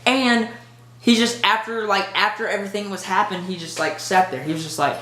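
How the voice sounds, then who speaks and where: A movie reviewer giving a casual spoiler review, rambling and excitable with lots of filler words. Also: medium pitch, a little fast, roomy sound, a little hiss or hum.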